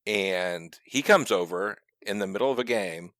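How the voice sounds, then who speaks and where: A man's voice: on the low side, moderate pace, dry recording, clean studio sound. A man co-hosting a podcast, telling a story in casual chat and acting out what friends said. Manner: animated storyteller, acts out friends' voices. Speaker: podcast co-host.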